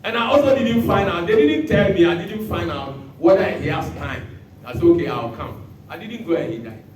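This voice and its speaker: A man preaching a sermon as pastor, bursting into shouts and acting out the words he quotes. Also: sits high, brisk, a crowd in the background. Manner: animated preaching with sudden shouts and dramatic quotes. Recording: echoey hall from far off.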